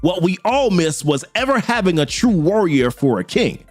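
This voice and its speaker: A man voicing a cocky male alien warrior who taunts slowly, read from a comic. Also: sits high, sing-song, no room sound, soft background music. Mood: mocking.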